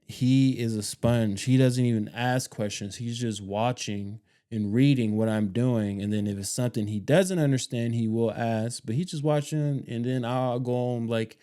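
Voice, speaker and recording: Mellow-voiced casual man rambling. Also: mid-range voice, normal speed, hardly any pauses. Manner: rambling, repeats himself, casual slang. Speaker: homestead channel host. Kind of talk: casual vlog talk.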